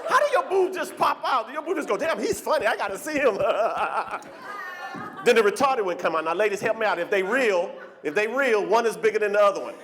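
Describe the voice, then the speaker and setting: A man doing animated stand-up comedy on a club stage, teasing the crowd. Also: high voice, moderate pace.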